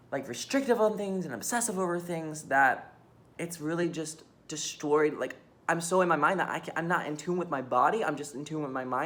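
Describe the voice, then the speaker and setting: In a fairly bright, low-sitting voice, a young vlogger talks candidly to her phone in a largely empty room, confessing something personal. She rambles, restarts, swears, and laughs nervously.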